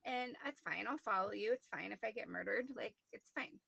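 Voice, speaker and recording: A woman on a video call telling a story in a chatty, animated way, acting out what people said. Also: medium pitch, brisk, creaky, husky, no room sound. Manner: chatty, animated, quotes people in lively voices. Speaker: guest.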